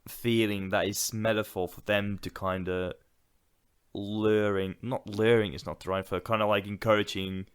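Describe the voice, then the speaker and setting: Another podcast co-host, this man speaks at normal speed with a low, flat, clean-toned voice. The conversation is casual and loose, packed with fillers and frequent laughter.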